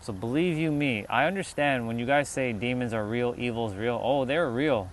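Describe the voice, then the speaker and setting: A man's voice: medium pitch, moderate pace, a little hiss or hum. Man telling a casual spiritual story. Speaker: livestream host. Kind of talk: spiritual talk to a live chat. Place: outdoors, sitting on a rock.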